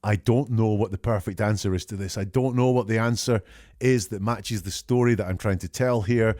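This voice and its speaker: A male podcast host giving measured, reflective analytical commentary and reading out quoted lines as he goes. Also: on the low side, a little mellow, no echo, studio quality.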